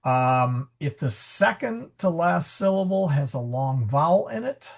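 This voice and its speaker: This Latin teacher runs a live video-call lesson on pronunciation, staying patient and explanatory while fixing his own slips and using lots of fillers. He sounds fairly high, unhurried and fry-tinged, with wide swings in pitch.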